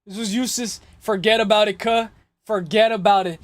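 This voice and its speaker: A man's voice: high voice, fairly even intonation, brisk, dry recording. A young man hosting a casual livestream chat with slangy, rambling talk, his voice a little worn out, constantly repeating "guys". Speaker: livestream host.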